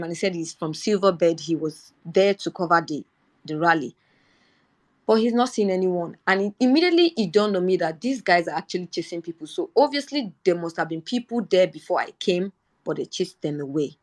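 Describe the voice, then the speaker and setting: A young Nigerian woman with a Nigerian accent, telling a personal story in earnest in a live audio chat. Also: fairly low pitch. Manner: earnest storytelling, rising indignation when quoting herself. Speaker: Twitter Space speaker.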